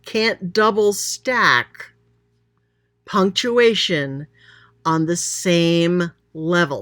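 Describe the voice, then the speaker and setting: A woman's voice: lowish voice, fairly bright tone, dry recording, studio quality. A woman explaining a grammar lesson as a writing teacher, chatty and thinking aloud while pointing at examples.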